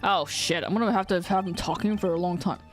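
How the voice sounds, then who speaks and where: Expressive woman streamer, faint music behind. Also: on the low side, fast. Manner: expressive, switches voices, swears. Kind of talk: reading game dialogue aloud in a live stream.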